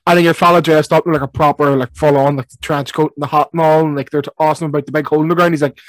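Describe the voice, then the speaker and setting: A man's voice: on the high side, flat delivery, racing, dry recording. Laughing young man. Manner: laughs a lot, rambling. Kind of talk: casual chat.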